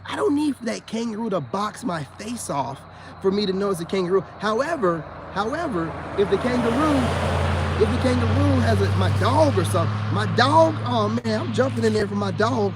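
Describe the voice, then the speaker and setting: A man's voice: high-pitched, sing-song, a little fast, heavy background noise. An American man giving rambling casual commentary to his viewers, laughing often and talking loosely in slang. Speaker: spiritual self-help vlogger.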